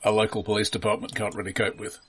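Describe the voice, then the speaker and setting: A man's voice: lowish voice, little pitch movement, quick pace, a bit bright, a little hiss or hum. A man playing a tabletop game, matter-of-fact about his turns. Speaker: player. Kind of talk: casual tabletop game play.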